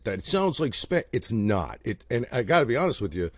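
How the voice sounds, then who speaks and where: A man's voice: mid-range voice, sing-song, brisk, dry recording. A man from New Jersey co-hosting a podcast in casual chat, joking and swearing freely. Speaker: podcast co-host.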